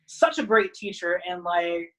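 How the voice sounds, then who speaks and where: A woman's voice: fairly low pitch, unhurried, poor audio. Rambling woman wrestler guest. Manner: rambling, many "like" fillers; acts out others' lines in animated voices. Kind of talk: casual podcast chat.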